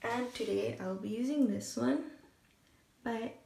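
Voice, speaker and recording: A young woman talks through her makeup routine in a casual, thinking-aloud way, her morning voice sitting a little high. She sounds set back from the mic, in a room that echoes noticeably. A faint hum of background noise runs underneath. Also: measured pace, creaky, far from the mic. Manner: chatty, hesitant, thinking aloud. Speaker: beauty vlogger. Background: shower running in another room.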